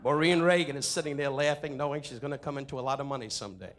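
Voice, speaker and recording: A man at a benefit dinner in a hotel ballroom, delivering an insult comedy roast in rapid jabs and mock-sincere asides into a podium microphone. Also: medium pitch, slight background noise. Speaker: comedian roasting the guest of honor.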